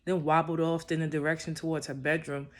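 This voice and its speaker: A young man tells a personal love story in a laid-back, casual way, peppering it with "you know" and other little fillers. His voice is a little high, with a flat, brisk delivery.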